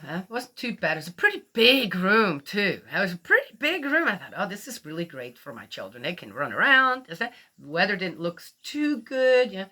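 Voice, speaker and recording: Woman, middle-aged, casual storytelling, rambling, lots of fillers, lowish voice, crickets in background. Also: pushed and bright. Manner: rambling, chatty, many fillers and acted-out quotes.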